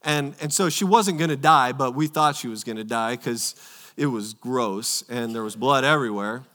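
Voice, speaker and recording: A male pastor preaching a sermon, telling a personal story in an earnest way, repeating words and swinging between loud and soft. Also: medium pitch, normal speed.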